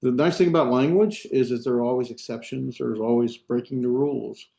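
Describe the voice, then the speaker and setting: A man teaching a language class in a lecture, unhurried and full of fillers and restarts as he explains step by step. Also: mid-range voice, creaky, dark tone. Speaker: Hebrew instructor. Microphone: video call.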